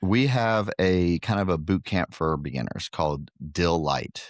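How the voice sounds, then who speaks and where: A man's voice: deep voice, expressive, a little slow, no room sound, studio quality. A middle-aged man from Guatemala, a podcast guest, telling jokey, self-deprecating stories in a casual chat. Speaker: podcast guest, pickleball club owner.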